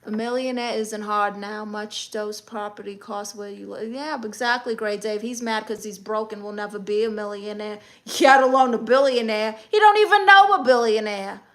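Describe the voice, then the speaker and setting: Sassy bright-voiced New York woman. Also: mid-range voice, normal speed, hardly any pauses. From Brooklyn, New York. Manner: sassy, playful, teasing. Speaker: livestream host. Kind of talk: casual livestream chat reading comments.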